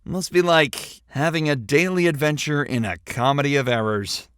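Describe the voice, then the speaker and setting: A man's voice: a little high, normal speed, fairly bright tone, slight background noise. A man giving upbeat, scripted narration as the narrator of a clip compilation. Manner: upbeat, mock-dramatic commentary.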